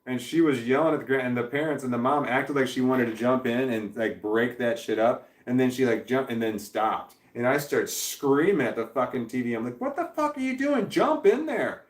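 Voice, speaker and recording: A man's voice: medium pitch, fairly even intonation, brisk, hardly any pauses, echoey room, recorded from a distance. A man chatting casually on a livestream, reading viewer comments aloud, rambling and swearing freely with frequent laughs. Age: adult parent.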